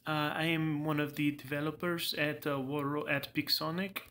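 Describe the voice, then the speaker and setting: A young woman game developer with a put-on Russian accent, as a man puts her on, pitched a little higher than his own voice and kept soft and a bit back from the mic. The delivery is halting and giggly, with a bright, sharp tone. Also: flat delivery. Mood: playful. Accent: mock Russian.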